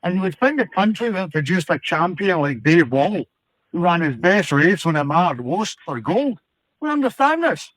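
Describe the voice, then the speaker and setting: A cocky Scottish runner, played by a man calling in, brags in a high, sing-song voice. He trash-talks with swagger in a comic phone-in bit, and the sound is dry and close. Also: sing-song, moderate pace, a bit bright, no room sound, full character voice, rough recording. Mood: cocky boasting. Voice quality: brash trash-talking swagger. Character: cocky Scottish male runner, brash and boastful. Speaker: caller.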